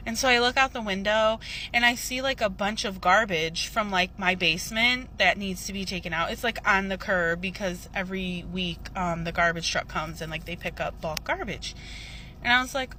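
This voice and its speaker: A woman's voice: mid-range voice, moderate pace, a little hiss or hum. A woman casually retelling a vivid dream, full of fillers and quoted dialogue. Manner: filler-heavy, animated retelling. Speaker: storyteller recounting a dream. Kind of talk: casual storytime.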